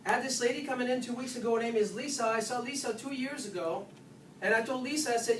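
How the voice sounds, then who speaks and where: A chiropractor giving an informal nutrition workshop to patients, lively and full of "guess what?" asides. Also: medium pitch, fast talker. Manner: animated, keeps asking "guess what?". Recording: roomy, distant, faint hiss.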